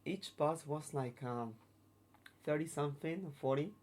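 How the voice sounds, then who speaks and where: Man telling a story in halting English. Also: a little high, darkish tone, slight background noise. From Mexico. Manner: halting, broken English with many restarts and fillers. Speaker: guest, circus artist. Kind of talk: casual storytelling interview.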